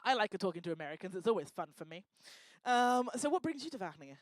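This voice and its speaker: Her voice is mid-range with big swings in pitch, and she talks fast. The sound is echo-free as this female event host banters with the crowd from a lecture hall stage, joking and teasing in casual stand-up style.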